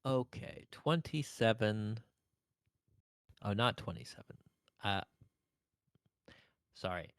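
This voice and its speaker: A young man narrating as game master of a tabletop game, slow and hesitant with many fillers. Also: on the low side, expressive, creaky, smooth, no echo, clean studio sound.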